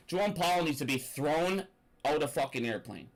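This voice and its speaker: Young male commentator, profane rambling rant, slightly high voice. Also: animated, moderate pace, low-quality recording. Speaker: finance commentator. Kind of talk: ranting commentary.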